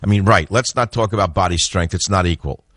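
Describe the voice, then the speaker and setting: A man's voice: low voice, fairly quick, fairly bright tone, dry recording, clean studio sound. A middle-aged man hosting a talk radio call-in show, blunt and opinionated, chuckling often.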